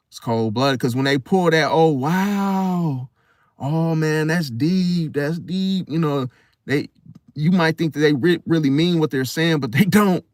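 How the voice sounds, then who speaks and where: A man's voice: medium pitch, no echo, clean studio sound. A male channel host giving an emphatic casual monologue, repeating phrases and asking "See?".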